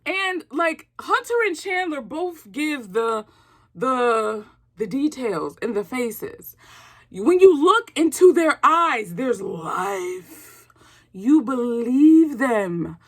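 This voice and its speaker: A woman with a high voice hosts her own movie review vlog in a casual, chatty way. She is excitable and turns loud when something thrills her, peppering her talk with slang. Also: takes it slowly.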